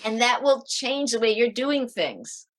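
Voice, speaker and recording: A middle-aged woman on a video call, giving parenting advice in a lively interview and acting out her tips with sighs. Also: on the high side, a little slow. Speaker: parenting author guest. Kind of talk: animated interview talk.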